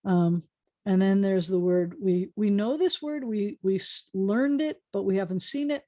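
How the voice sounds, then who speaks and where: A woman's voice: medium pitch, a little slow, mellow. A woman rabbi teaching a beginners' Hebrew class over a video call, chatty and often correcting herself as she draws the letters. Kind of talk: online class lesson.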